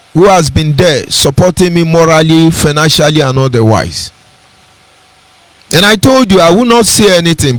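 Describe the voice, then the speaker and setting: A man's voice: a little high, no room sound. A man with a Nigerian accent giving an impassioned, preacherly radio address and repeating his key phrases. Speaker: radio broadcaster.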